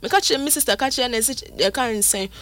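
A Ghanaian woman calls in to a radio show. Her voice sits a little high, and she speaks earnestly, turning to the host again and again as she tells her story. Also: fairly quick, fairly bright tone, no room sound. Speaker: caller. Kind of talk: telling a story on a call-in show.

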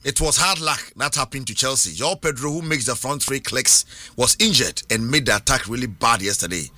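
A man with a Ghanaian accent hosting a radio and TV sports talk show, interjecting and announcing briskly. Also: mid-range voice, expressive, bright, forceful tone, no room sound.

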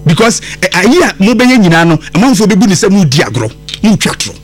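A man's voice: high-pitched, very animated, fairly quick, husky, faint music behind. A man with a Ghanaian accent hosting a radio show, giving an impassioned commentary that switches between English and Twi.

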